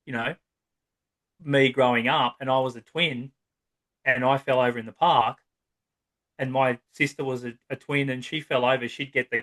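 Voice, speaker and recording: Aussie guy on a podcast, mid pitch, rambly and casual, keeps saying right?. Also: moderate pace, a bit bright. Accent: Australian. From Australia. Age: 30s to 50s. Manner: long-winded, acts out quoted voices, frequent "right?". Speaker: psychotherapist guest.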